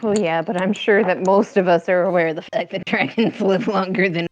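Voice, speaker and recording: A woman's voice: fairly low pitch, fairly even intonation, a little fast, dry recording, soft background music. A woman playing a tabletop game, chatting casually with amused, laughing asides. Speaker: player. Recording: dull lo-fi sound.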